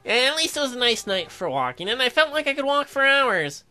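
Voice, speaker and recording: Bright-voiced woman reading game text. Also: sits high, fairly quick. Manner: deadpan narration broken by crude joking outbursts. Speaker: co-host reading a dating sim. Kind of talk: reading game narration with joking asides.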